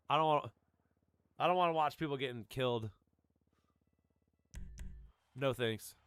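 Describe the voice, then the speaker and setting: A man's voice: mid-range voice, unhurried, clean tone, no echo. A man streaming a video game, chatting casually in a rambling, laid-back way full of "like" and "dude". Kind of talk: casual stream chat while gaming.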